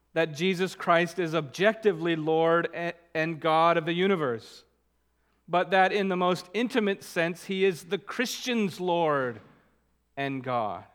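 A man preaching a sermon as a pastor, earnest, slowing down to stress key words. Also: high-pitched, a bit bright.

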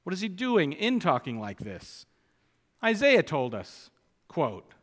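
A man preaching an expository sermon, emphatic and stressing key phrases by slowing down. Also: on the high side, wildly swooping pitch, a bit bright, in a large hall.

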